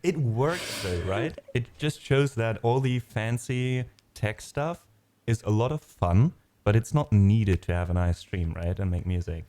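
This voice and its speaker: A man's voice: on the low side, lively intonation, measured pace, dark tone. A young man hosting a casual live stream, chatting and teasing playfully. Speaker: host musician.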